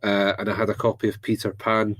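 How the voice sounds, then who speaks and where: A man's voice: lowish voice, monotone, fast talker, a bit bright, no room sound. A man co-hosting a casual podcast chat, telling rambling anecdotes. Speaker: podcast co-host.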